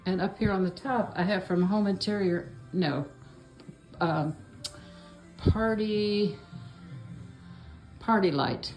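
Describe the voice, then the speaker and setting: A woman's voice: fairly low pitch, unhurried, darkish tone, faint music behind. Older Appalachian woman, homey and rambling. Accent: Appalachian Southern. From Appalachian Kentucky. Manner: homey, rambling, talks while walking and cooking. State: out of breath. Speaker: home vlogger. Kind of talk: casual chat. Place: yard, then home kitchen.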